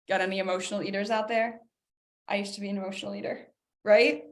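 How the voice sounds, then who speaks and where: A woman wellness coach giving an energetic, emphatic workshop talk, speaking directly to her audience and calling them guys. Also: medium pitch, fast.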